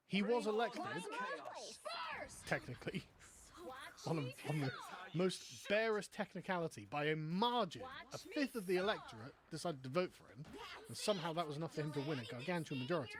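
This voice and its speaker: A man's voice: on the high side, animated, fairly quick, a crowd in the background. A man with an English accent, giving a profane, sarcastic political rant on a live stream. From England. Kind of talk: ranting political commentary.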